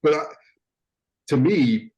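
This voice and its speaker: A man's voice: a little high, animated, takes it slowly, a little mellow, poor audio. A man, co-hosting a casual podcast. He thinks aloud, rambling and repeating words as he goes. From suburbs outside Philadelphia. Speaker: podcast co-host.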